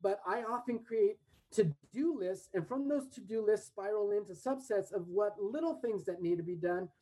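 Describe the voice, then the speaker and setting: A man's voice: high voice, normal speed, mellow, slightly rough, poor audio. Upbeat American man in his forties. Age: 40s. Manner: upbeat, laughs often, rambling. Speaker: guest, English teacher. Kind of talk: casual interview chat.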